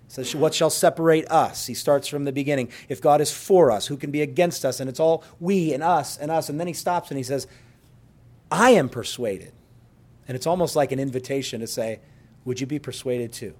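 A man's voice: mid-range voice, a little fast, a little mellow. A man preaching a sermon, telling a story with earnest feeling and closing in prayer. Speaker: pastor.

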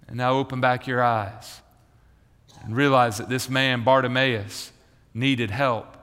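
A man's voice: medium pitch, steady tone, takes it slowly, fairly bright tone, in a large hall. A male pastor preaching a sermon, telling the story vividly and speaking to the children in the congregation. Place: church.

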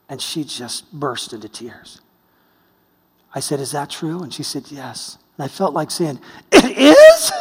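A man from the United States preaching a sermon, telling a story, swinging between hushed and exclaiming. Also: a little high, slightly rough. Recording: long hall reverb.

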